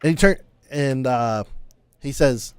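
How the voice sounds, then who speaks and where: A man narrating as game master in a casual, halting way. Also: mid-range voice, a little mellow, clear, resonant tone, no echo, clean studio sound, faint music behind.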